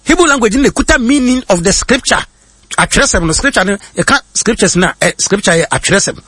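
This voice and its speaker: A man with a Ghanaian accent teaching in sermon style, reading quotes slowly and then explaining them in quick bursts with many hesitations. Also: sits high, expressive, bright, forceful tone, husky, no room sound. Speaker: preacher. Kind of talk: sermon-style teaching, mixing English and Twi.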